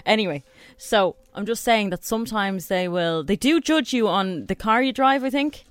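A woman's voice: mid-range voice, animated, normal speed, clean tone, no echo. A young woman with an Irish accent co-hosting a radio show, telling stories in a chatty, laid-back way. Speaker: radio co-host. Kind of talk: casual radio chat.

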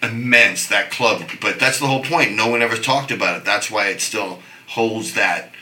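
A middle-aged man telling stories in casual chat, animated, swearing and restarting his sentences. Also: lowish voice, moderate pace, echoey room, poor audio. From New York. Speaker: guest.

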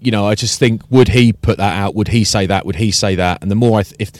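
A podcast host and rugby commentator tells a story animatedly, acting out exchanges in casual podcast chat. His voice is lowish and quick-paced. There's no room sound.

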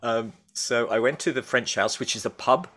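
A man's voice: mid-range voice, moderate pace, bright, forceful tone. A middle-aged man talking as a guest in a casual interview, rambling and hesitant with many restarts and fillers. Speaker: guest, baker and food writer.

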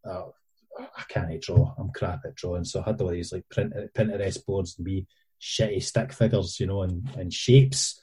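Scottish male filmmaker, low, husky and very mellow, rambling and self-deprecating. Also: steady tone, moderate pace. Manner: rambling, self-deprecating storyteller with many fillers. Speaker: independent filmmaker and editor. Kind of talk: casual podcast chat.

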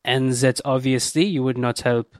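Casting: smooth-talking male adventurer, played by a man, flowery and persuasive, dry sound. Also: mid-range voice, steady tone, normal speed, no room sound, natural voice.

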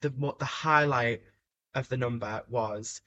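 A man's voice: medium pitch, unhurried, sharp tone, highs cut off. A man co-hosting a podcast in casual chat, blunt and enthusiastic, swearing freely. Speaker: podcast co-host.

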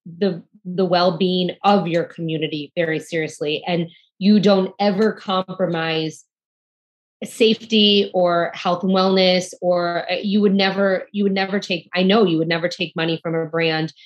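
A woman hosting an interview, speaking quickly and affirming her guest, often restarting her sentences. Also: lowish voice, fairly even intonation, muffled recording. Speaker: interviewer host. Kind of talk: conversational interview.

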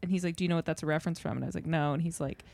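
A woman's voice: low-pitched, steady tone, very fast, gravelly, a little mellow, no echo. Young woman telling a dating story. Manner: storytelling, quotes others, valley-girl fillers. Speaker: podcast co-host. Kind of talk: casual chat.

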